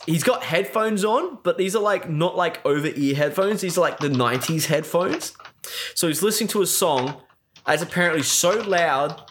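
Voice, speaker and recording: A man's voice: fairly high pitch, a bit bright, slight background noise. Sweary young man ranting about a film. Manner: sweary, rambling, sarcastic. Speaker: film reviewer. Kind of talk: casual film recap rant.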